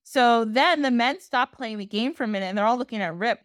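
A woman's voice: a little high, no echo, clean studio sound. Chatty woman retelling a folktale. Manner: chatty, animated, acts out characters with quick asides. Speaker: podcast host. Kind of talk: casual storytelling.

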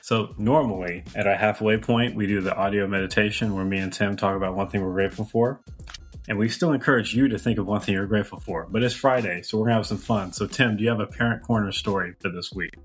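Male podcast co-host, lower voice, relaxed casual chat, faint music. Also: quick pace.

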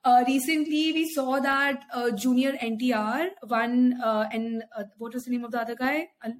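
A woman's voice: fairly high pitch, steady tone, moderate pace. A woman, co-hosting a podcast, speaking thoughtfully in casual chat with many hesitations. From India. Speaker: podcast co-host.

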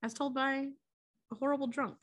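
A woman's voice: high-pitched, normal speed. A young woman podcast co-host retelling a movie plot in casual, profane chat. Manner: profane, animated storytelling.

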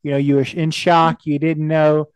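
A man hosting a casual podcast interview, feeling his way through questions and restarting his sentences. His voice sits a bit high for a man. The sound is dry and close, with no room echo. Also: little pitch movement, moderate pace, smooth. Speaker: podcast host.

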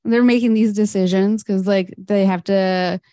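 A woman's voice: medium pitch, fairly even intonation, a little slow, dark tone, no echo. A woman co-hosting a podcast, recounting a life story in a casual, chatty way with fillers. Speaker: podcast co-host. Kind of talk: casual history chat.

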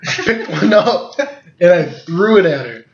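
A man's voice: sits high, lively intonation, measured pace, crowd noise. Young dude cracking up over his own stories, cussing, roomy dull audio. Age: 20s. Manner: laughing storyteller, swears freely. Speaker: podcast co-host. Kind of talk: casual chat. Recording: echoey room, dull lo-fi sound.

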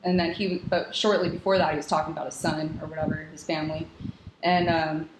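Young woman, lower register, casual rambling storyteller; roomy, noisy recording. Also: little pitch movement, brisk. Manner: chatty, filler-heavy storytelling with frequent "like". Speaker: guest, X-ray technologist. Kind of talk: casual podcast conversation. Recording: roomy room with background noise.

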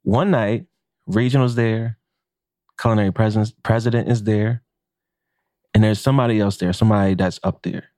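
Low-voiced man telling a kitchen story. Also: moderate pace, long pauses, no echo, studio quality. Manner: animated, profane, acts out quotes with laughs. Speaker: chef and podcast co-host. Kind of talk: casual podcast storytelling.

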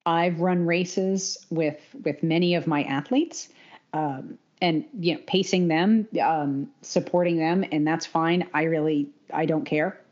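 A woman co-hosting a casual podcast as a running coach, talking in an animated, opinionated way and laughing often. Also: low-pitched, measured pace. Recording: dull lo-fi podcast audio.

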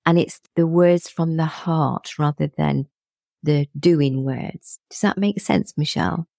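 Warm, gravelly-voiced reflective woman. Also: deep voice, steady tone, a little slow, no room sound, studio quality. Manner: reflective, laughs often while talking. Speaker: guest. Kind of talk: casual conversational chat.

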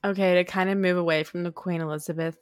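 Woman podcast host, lively and excitable in casual chat; dry, close sound. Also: fairly low pitch, fast, clean tone, dry recording.

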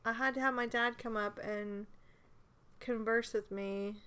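A woman's voice: fairly high pitch, steady tone, unhurried, fairly bright tone, smooth. A middle-aged woman in casual podcast chat, talkative and laughing often. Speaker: podcast co-host.

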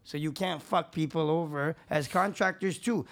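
A man's voice: a little high, moderate pace, creaky. A man, a contractor and podcast guest, talking in casual chat with a profane, emphatic, preachy manner.

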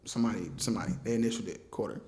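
A man's voice: lowish voice, fairly even intonation, racing, dark tone. A man in casual chat, telling a story with lots of laughing, acting out quotes and swearing freely.

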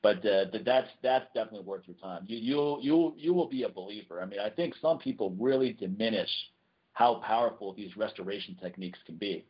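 Husky-voiced male podcast co-host. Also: fairly low pitch, fairly quick, lo-fi sound. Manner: relaxed, earnest recommending, frequent restarts. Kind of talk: casual chat.

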